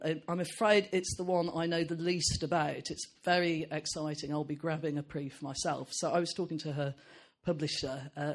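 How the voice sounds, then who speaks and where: A man hosting a live book event, introducing authors in a hesitant, chatty way with lots of fillers and laughs. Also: a little high. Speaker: event host.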